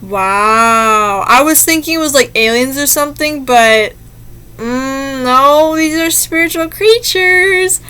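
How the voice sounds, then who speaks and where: A woman's voice: sits high, slow pace, bright, forceful tone. A young woman reading short scary stories and chatting between them in a rambling, easily spooked way. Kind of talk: casual reaction commentary.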